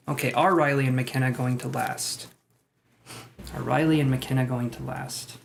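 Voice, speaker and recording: A man's voice: medium pitch, fairly even intonation, measured pace, creaky, long pauses, background noise. A man reading tarot cards for viewers on a live stream, chatting casually and joking about himself. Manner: joking, self-mocking, chatty. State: out of breath. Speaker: tarot reader.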